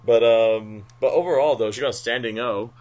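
A man's voice: medium pitch, normal speed, a little mellow. Chatty man with lots of restarts. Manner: chatty, many restarts and fillers. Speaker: podcast co-host. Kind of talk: casual chat.

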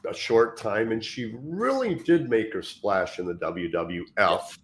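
A man's voice: fairly low pitch, expressive, measured pace, slight background noise. A man co-hosting a casual podcast, speaking candidly with frequent restarts and easy laughter. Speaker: co-host and former wrestler.

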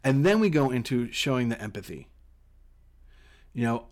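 A middle-aged man hosts a solo coaching podcast, explaining his points in an earnest, conversational way. He often repeats a word as he gets a phrase going. His voice sits at an ordinary middle pitch. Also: sing-song, normal speed, long pauses, a little mellow. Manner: earnest, repeats words when starting phrases.

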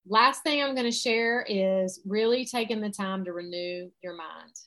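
Woman coach, earnest and animated, mid-range pitch, acting out self-talk. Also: a little slow. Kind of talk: motivational talk.

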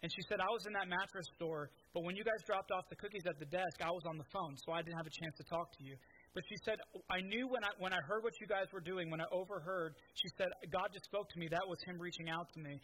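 A man's voice: sits high, fast talker, a bit bright, a little hiss or hum, poor audio. A man preaching a sermon, telling stories in a conversational way with many restarts. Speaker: pastor.

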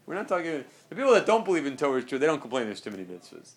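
A man's voice: medium pitch, sing-song, racing, few pauses. A man teaching a religious class, lecturing emphatically and repeating his key phrases.

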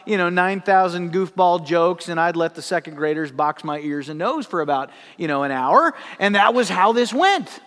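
High-voiced man preaching a sermon. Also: moderate pace, hardly any pauses, in a large hall. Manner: animated storytelling with laughing asides. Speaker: pastor.

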